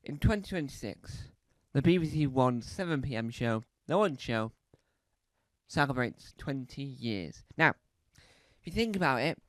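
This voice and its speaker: A man's voice: mid-range voice, expressive, unhurried, fairly bright tone, no echo, clean studio sound. Man rambling through comedy bits. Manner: hesitant, full of restarts and asides. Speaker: stand-up comedian.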